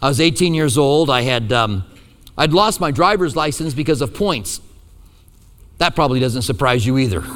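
A male pastor preaching a sermon, telling a personal story with lively, self-deprecating humor. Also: a little high, in a large hall.

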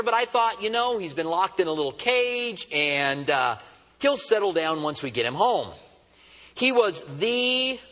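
A man preaching a sermon, telling a funny story with animated delivery. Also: on the high side, long reverb tail. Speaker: pastor. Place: church.

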